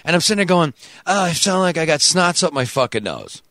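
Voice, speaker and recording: A man hosting a live podcast from a studio, talking in a loud, profane, sing-song hype style. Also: a little high, very animated, brisk, no room sound. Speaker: podcast host. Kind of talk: casual live show banter.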